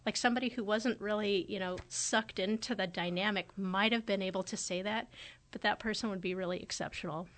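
A woman's voice: medium pitch, fairly even intonation, fairly quick, a bit bright. Woman, forties, podcast host; conversational, reflective delivery. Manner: conversational and thoughtful, often acting out quoted remarks. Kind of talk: casual reflective podcast talk.

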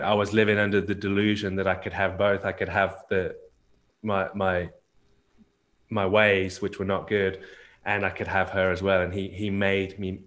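A man with a very low voice speaks as a podcast guest. He tells a personal story frankly and often doubles back on his words as he talks. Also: a bit bright. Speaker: podcast guest, marriage coach.

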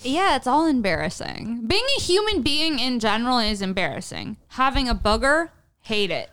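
A woman's voice: on the high side, sing-song, normal speed, fairly bright tone, clean tone. A young woman co-hosting a casual chat podcast, blunt, profane and self-mocking.

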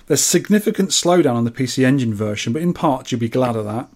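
A man's voice: mid-range voice, animated, fast, a little mellow. A man co-hosting a podcast, reading listener scores aloud and chatting casually. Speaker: podcast co-host. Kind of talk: casual chat.

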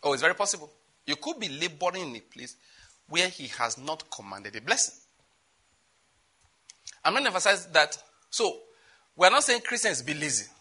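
A male preacher delivering a sermon, moving between loud exclamations and quiet asides. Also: fairly high pitch, very animated, normal speed, pauses often, breathy edge.

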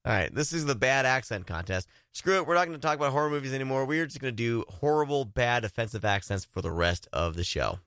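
A man's voice: mid-range voice, expressive, quick pace, few pauses, fairly bright tone, smooth, no echo, studio quality. A man hosting a casual horror-movie podcast, rambling with restarts and frequent laughs. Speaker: podcast host. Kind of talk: casual chat.

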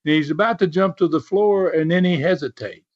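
Man, casual storyteller, animated, chuckling, higher voice, muffled lo-fi sound. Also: fairly quick. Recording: dull lo-fi recording.

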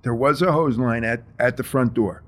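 A middle-aged firefighter calmly walks through what happened on a fire call, one step after another. His voice sits at an ordinary pitch for a man. He talks in a plain, measured way and drops in plenty of ums and uhs. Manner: plain, measured retelling with many fillers. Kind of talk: interview storytelling.

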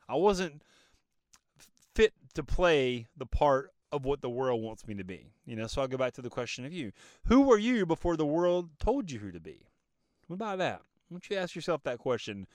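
With a mid-range voice and a slightly choked-up throat, a man gives a preachy, emphatic motivational monologue for his podcast, firing rhetorical questions at himself. It was recorded on his phone in his car, yet sounds clean and studio-like, with no room sound.

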